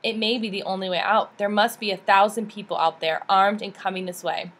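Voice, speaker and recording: A woman's voice: medium pitch, steady tone, a little fast, fairly bright tone. A woman voicing a worried male official who talks frantically and urgently. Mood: frantic.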